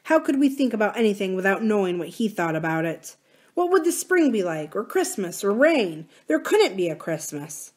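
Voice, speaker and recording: A woman's voice: mid-range voice, sing-song, moderate pace. A woman reading aloud as a group of grown siblings, speaking in an outraged, anxious way. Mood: distraught.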